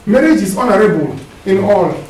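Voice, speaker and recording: Male preacher, very high voice, call-and-response sermon, questioning tags on his lines; far from the mic in a very echoey hall. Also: lively intonation, moderate pace, darkish tone. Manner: asks the congregation to finish his sentences. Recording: echoey hall, distant mic, faint hiss.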